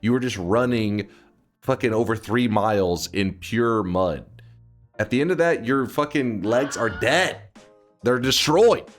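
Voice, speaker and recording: Streamer, man, 30s: deep-ish voice, rambling, profane, prone to loud outbursts, faint music in the background. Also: expressive, measured pace. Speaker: livestreamer. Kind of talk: casual live-stream chat.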